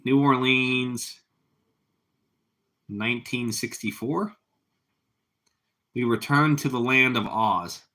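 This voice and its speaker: A man's voice: medium pitch, slow, long pauses, sharp tone. A man hosting a casual live stream, rambling easily as he chats with viewers and his cat. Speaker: livestream host.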